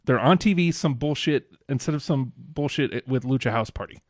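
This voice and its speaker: A man chats casually on a podcast, in a mid-range voice on a dry, close mic. He sounds enthusiastic and lets his excitement break through in bursts. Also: medium pitch, moderate pace, dry recording. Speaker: podcast co-host. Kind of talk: casual wrestling chat.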